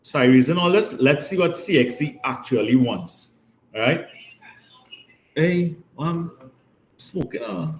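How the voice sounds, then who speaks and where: Guy teaching maths in class, bit high voice, keeps asking right?, echoey room. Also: animated, slow pace, long pauses, a little hiss or hum. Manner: explains step by step, often checks with "right?". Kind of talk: classroom lesson. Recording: roomy classroom echo.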